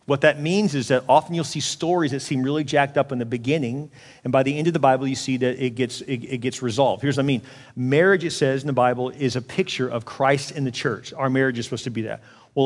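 A man in his forties preaching a sermon as a pastor, telling the story in an animated way and acting out the voices. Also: medium pitch, big-room sound. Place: church auditorium.

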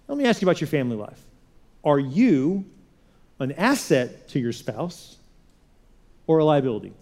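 High-voiced man preaching a sermon. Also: darkish tone. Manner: conversational preaching, repeats rhetorical questions. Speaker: pastor.

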